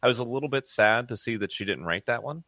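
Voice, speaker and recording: A man's voice: mid-range voice, lively intonation, quick pace, sharp tone, no room sound. A man co-hosting a music podcast, talking casually and rambling with fillers and restarts. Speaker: podcast co-host. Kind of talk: casual music review chat.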